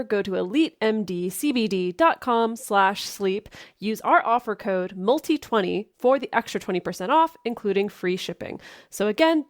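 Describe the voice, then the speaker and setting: A woman's voice: medium pitch, no room sound, studio quality. A woman co-hosting a podcast, reading ads in a playful, teasing way. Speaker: podcast co-host. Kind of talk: casual podcast chat with ad reads.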